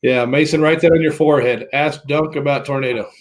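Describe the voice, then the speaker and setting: A man's voice: fairly high pitch, steady tone, fairly quick, poor audio. A man hosting a podcast, joking and eager as he chats. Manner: enthusiastic, joking. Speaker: podcast host. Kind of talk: casual podcast chat.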